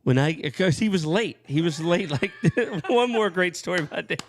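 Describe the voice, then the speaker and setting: A man co-hosting a casual podcast, excitable and slangy, laughing between his lines. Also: sits high, normal speed, slight background noise. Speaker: co-host. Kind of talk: casual chat.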